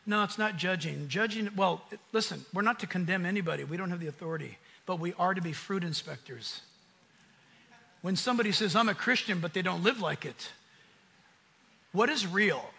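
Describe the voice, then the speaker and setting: Raspy, bright-voiced American preacher man. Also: sits high, normal speed, pauses often. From United States. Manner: animated preaching, acting out quoted voices. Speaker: pastor. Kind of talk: sermon. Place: conference hall.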